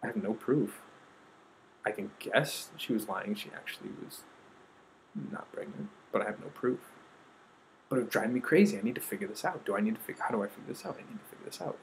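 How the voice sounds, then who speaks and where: Guy telling a personal story, kinda low voice, earnest, drops to near whispers sometimes, faint room hum. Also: lively intonation, fairly quick, rough recording. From United States. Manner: earnest, quoting others with shifts of voice, trailing off softly.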